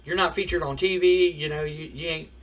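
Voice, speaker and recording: A man puts on a brash middle-aged wrestling manager who shouts down anyone who is not making him money. The voice is high and forceful. It sits a little away from the microphone. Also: fairly even intonation, fairly quick, distant mic, natural voice. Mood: dismissive. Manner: loud, dismissive, blustering.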